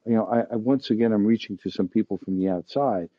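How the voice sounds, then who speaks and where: A man's voice: on the low side, fast, muffled recording. A middle-aged man, a dealership owner, telling an anecdote to his staff with many restarts and fillers.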